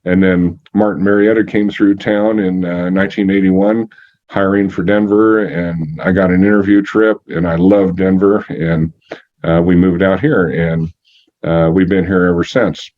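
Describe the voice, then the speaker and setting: Low-voiced man in his sixties, halting. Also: fairly even intonation. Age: 60s. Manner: halting, many "uh" fillers, plain and matter-of-fact. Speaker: energy healer guest. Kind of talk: storytelling in an interview. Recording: muffled lo-fi audio.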